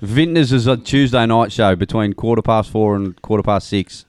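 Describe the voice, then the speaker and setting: A man co-hosting a radio show, teasing and quick with jokes. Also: fairly low pitch, darkish tone, smooth, no echo. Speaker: radio co-host. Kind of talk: casual radio banter.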